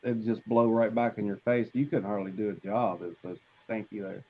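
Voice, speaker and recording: Easygoing guest, mid-pitched man, folksy delivery, dull lo-fi audio. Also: flat delivery, fairly quick. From southern United States. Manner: folksy, easygoing, laughs along. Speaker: guest on a live stream. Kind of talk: casual live stream chat.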